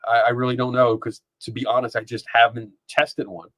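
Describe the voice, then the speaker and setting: Male stream host, rambling casual chat, dry close dynamic mic, mid pitch. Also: flat delivery, fairly quick, fairly bright tone, no echo. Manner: rambling, chatty, laughs often, reads chat aloud. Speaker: podcast host. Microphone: dynamic microphone.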